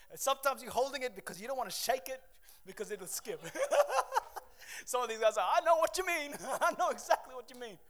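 A man preaching a sermon to a church congregation, swinging from loud exhortation to hushed, emotional confession. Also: very high-pitched, expressive, moderate pace, long pauses. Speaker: pastor. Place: church service.

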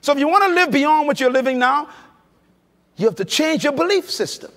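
This male preacher's voice is very high, expressive, fairly bright, and a touch fast. Speaking with emphasis at a conference, he spins stories and prompts listeners with questions. The large hall he's in gives the audio a long, lingering reverb.

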